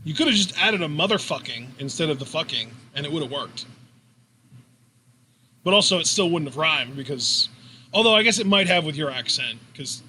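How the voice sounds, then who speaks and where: Bright, lively, high-voiced joking man. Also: moderate pace, slight background noise. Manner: joking, playful, swears freely. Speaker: co-host of a wrestling watch-along. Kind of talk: casual live reaction chat.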